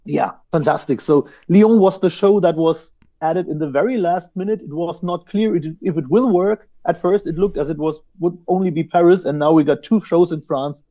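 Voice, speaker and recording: Speaking over a remote connection as an interview guest, this man, the singer and guitarist of a band, responds with enthusiasm and tends to repeat words when starting sentences. His fairly high voice has a dark tone at a moderate pace, captured in lo-fi sound.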